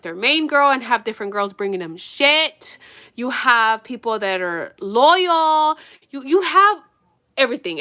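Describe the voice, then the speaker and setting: A woman's voice: fairly high pitch, sharp tone. A woman vlogger chatting casually to her viewers as she gets ready, telling a rambling, gossipy story full of swearing and talking straight to her audience. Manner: addresses viewers directly. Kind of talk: casual chat while getting ready.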